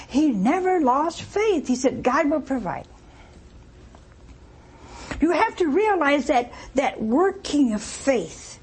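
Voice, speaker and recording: A woman preaching a storytelling sermon in a lively, chatty way, asking the congregation questions and acting out the quotes. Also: high voice.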